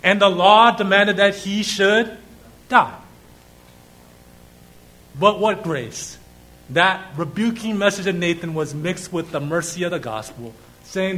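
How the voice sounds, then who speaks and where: A man preaching a sermon, asking rhetorical questions, reading scripture aloud and pausing for effect. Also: high voice, pushed and bright, poor audio.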